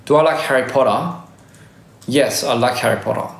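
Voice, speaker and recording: A man's voice: mid-range voice, normal speed, gravelly. Young guy with a faded australian accent rambling on a phone livestream, restarts a lot, echoey room. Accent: Australian, worn down by years in Korea and America. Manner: rambling, self-correcting, laughs often. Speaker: livestream host. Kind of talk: casual livestream chat reading comments. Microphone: phone livestream mic.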